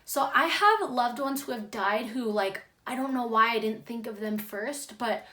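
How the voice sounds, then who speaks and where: A young woman's fairly high voice, relaxed and conversational. She tells a personal story to her viewers in a loose, chatty way and scatters "like" through almost every sentence. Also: normal speed. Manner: chatty, heavy use of "like" fillers. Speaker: vlogger. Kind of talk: casual storytelling.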